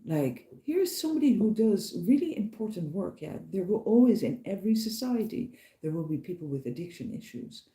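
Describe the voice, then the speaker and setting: Mellow-voiced woman telling a rambling story. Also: on the low side, roomy sound. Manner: chatty, rambling, warmly enthusiastic storyteller. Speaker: walking pilgrim and harpist. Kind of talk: casual storytelling vlog.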